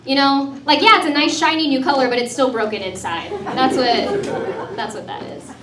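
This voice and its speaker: On a comedy club stage, a woman from the United States in her thirties delivers a light, self-deprecating stand-up routine full of "dude" and "man." She speaks at normal speed in a voice that sits high, recorded from afar in an echoey room where the crowd can be heard.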